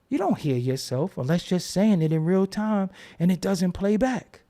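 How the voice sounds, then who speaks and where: A man's voice: high voice, big pitch swings, normal speed, creaky, dark tone. A man hosting his own channel, talking in a casual, profane, rambling monologue and acting out quoted voices as he tells stories. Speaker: host.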